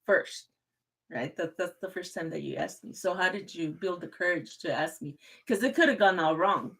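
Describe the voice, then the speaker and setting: A woman in her forties hosting a casual live stream with her husband, playful and quick to scold and laugh. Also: fairly low pitch, lively intonation, a bit bright, breathy edge, poor audio. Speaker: host interviewing her husband. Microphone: phone or computer mic for a live stream.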